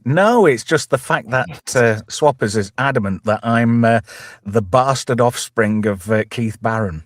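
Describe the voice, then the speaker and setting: A man's voice: medium pitch, animated, measured pace. A man with an East Midlands accent hosting a live show, talking in a blunt, jokey, swearing and rambling way. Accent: East Midlands English. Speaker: host. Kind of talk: casual live chat show banter.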